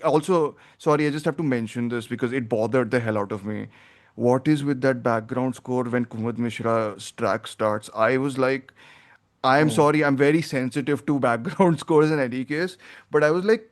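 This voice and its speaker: A man's voice: medium pitch, moderate pace. A man hosting a film podcast, talking in a rambling, opinionated way as he thinks aloud. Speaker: podcast host. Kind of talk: casual film review chat.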